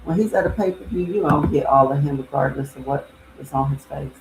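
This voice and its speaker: Opinionated co-host with a gravelly voice, chatty, recorded in an echoey room with faint noise. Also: mid-range voice, fairly quick. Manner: chatty, opinionated commentary on matches. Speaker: co-host of a wrestling watch-along. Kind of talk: casual live-stream chat.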